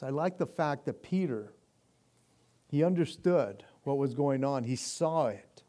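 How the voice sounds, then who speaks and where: A man preaching a sermon in a casual, animated way, often repeating himself as he restarts sentences and laughing along. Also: mid-range voice, a little slow. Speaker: pastor.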